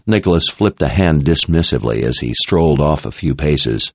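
Deep-voiced male fantasy narrator. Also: animated, creaky, dry recording. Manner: measured, dramatic storytelling. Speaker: audiobook narrator. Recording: dull lo-fi recording.

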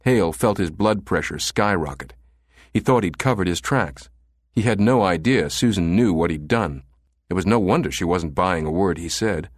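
A man narrating an audiobook in a steady, measured reading. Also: low-pitched, no room sound, clean studio sound. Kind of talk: scripted narration.

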